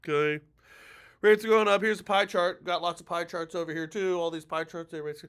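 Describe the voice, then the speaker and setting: A man playing a bland, droning male loan officer who talks in a flat, halting way, set back from the mic. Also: high voice, clean tone. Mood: deadpan.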